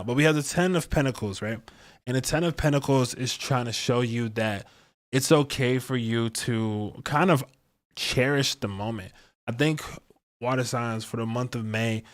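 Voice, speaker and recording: A man giving a casual livestream astrology and tarot reading, rambling and chatty with lots of slang. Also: mid-range voice.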